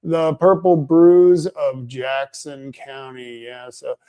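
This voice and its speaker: A man hosting a live talk stream, reading viewer comments aloud in a relaxed, musing way. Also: mid-range voice, slow, smooth, dull audio. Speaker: host. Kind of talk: casual talk show chat.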